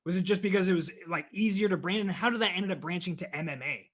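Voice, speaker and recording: A man hosts a casual interview, speaking enthusiastically and warmly to his guest. His voice sits a little higher than most men's. He often trails off and circles back to finish his thoughts. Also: fast. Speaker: podcast host.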